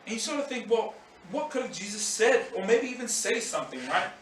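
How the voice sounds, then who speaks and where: Animated pastor. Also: male voice, sits high, fairly quick, slight background noise. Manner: animated, acts out scenes and voices. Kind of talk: sermon. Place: church hall. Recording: echoey hall, mic at a distance.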